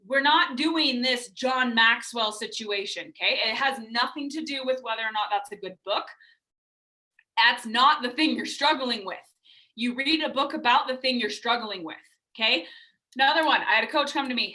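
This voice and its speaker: A woman's voice: on the high side, moderate pace, pushed and bright. A woman leading a team call, giving blunt, emphatic coaching advice. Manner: blunt, emphatic, talks straight to her team. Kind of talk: team call pep talk.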